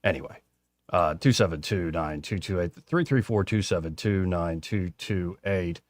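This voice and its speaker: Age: adult. Sex: man. Role: talk radio host. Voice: fairly low, dry. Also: moderate pace, dry recording. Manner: conversational, opinionated. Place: radio studio.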